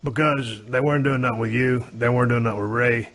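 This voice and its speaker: A man's voice: medium pitch, steady tone, fast, fairly bright tone. A man hosting a podcast interview in a casual, conversational way. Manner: drawling, conversational, uses y'all. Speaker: podcast host.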